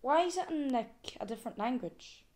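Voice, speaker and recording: A woman with a slightly high voice talks straight to her viewers in a casual vlog. She is chatty and exclaims often, thinking out loud in a relaxed, homely way. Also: moderate pace. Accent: non-American, with regional word "wee". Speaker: vlogger. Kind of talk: casual unboxing chat to viewers.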